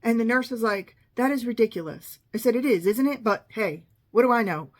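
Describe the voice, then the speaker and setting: A woman's voice: a little high, animated, fairly quick. A middle-aged woman telling a long personal story in a casual, sarcastic, exasperated way, quoting the people in it.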